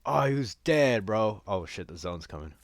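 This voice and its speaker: A man's voice: on the low side, animated, normal speed, no echo, clean studio sound. A man giving casual gameplay commentary, rambling and joking crudely with a lot of swearing. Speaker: gaming streamer.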